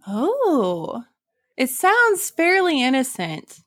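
Woman, Southern US accent, high voice, swooping lively intonation, giggly, casual podcast chat. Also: very slow. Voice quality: giggly, laughs often. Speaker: podcast guest.

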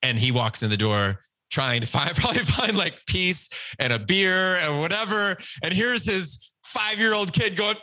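Earnest man in his forties, bright voice. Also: a little high, lively intonation, fairly quick, no room sound. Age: 40s. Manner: emotional, earnest, acts out quotes. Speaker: guest. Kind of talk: candid personal storytelling.

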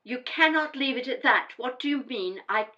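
An actress playing a grown daughter, a firm and defensive housewife, in an audio drama. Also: female voice, high voice, lively intonation, normal speed, sharp tone, lo-fi sound. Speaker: adult daughter.

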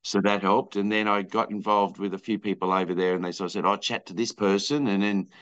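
A man's voice: lowish voice, flat delivery, a little fast, fairly bright tone, dull audio. A filmmaker being interviewed, telling his story casually with lots of fillers and restarts and acting out what people said. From Australia. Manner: rambling, many fillers and restarts, acts out quoted people. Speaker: filmmaker guest.

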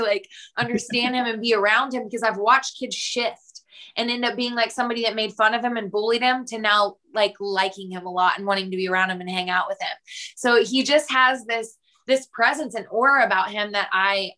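Young woman guest talking earnest and chatty, bright clear voice, laughs a lot. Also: medium pitch. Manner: warm, earnest, laughs often, animated retelling. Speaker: podcast guest. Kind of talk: heartfelt casual conversation.

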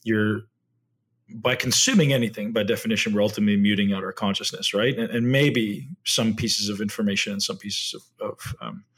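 A middle-aged man hosting a solo podcast speaks with a slightly low, husky voice. He talks earnestly and reflectively, tossing in rhetorical questions and correcting himself mid-sentence. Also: steady tone, brisk, a bit bright. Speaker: podcast host.

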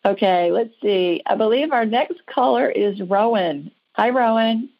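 A woman's voice: mid-range voice, expressive, unhurried, highs cut off. Upbeat woman hosting a call-in show. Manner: chatty, upbeat, reassuring. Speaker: radio show host and psychic.

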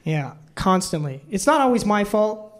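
A man's voice: high voice, very animated, normal speed. A man in his twenties doing a self-deprecating stand-up routine on a club stage, telling awkward stories to a laughing audience. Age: 20s. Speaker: stand-up comedian.

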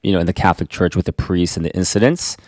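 A pastor with a low voice talks quickly and earnestly in casual conversation, recorded with studio quality and no echo. He's an animated storyteller who restarts his sentences often.

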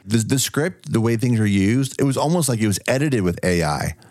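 Animated, profane man reviewing movies. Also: medium pitch, fairly quick, no echo, studio quality. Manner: animated, profane, laughs often. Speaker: podcast co-host. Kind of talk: casual movie review chat.

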